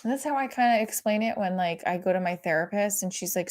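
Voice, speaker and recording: A single mom in her forties riffing through new stand-up material in a loose, rambling way. She keeps stopping and restarting her sentences and breaks into loud bursts when she acts out her family. Her voice sits at a middling pitch. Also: quick pace, hardly any pauses. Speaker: stand-up comic.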